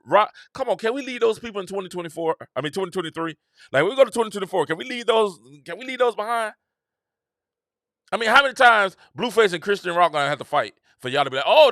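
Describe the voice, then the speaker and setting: Animated middle-aged man with lively pitch. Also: no room sound, studio quality. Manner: animated, repetitive, preacher-like cadence. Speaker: host. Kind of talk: casual opinion monologue.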